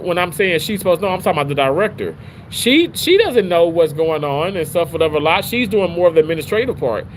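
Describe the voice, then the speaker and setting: A man hosting a casual livestream, chatting with viewers in an animated, rambling way, full of restarts. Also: slight background noise, poor audio. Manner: animated, rambling, with frequent restarts and pitch jumps. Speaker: livestream host reading chat.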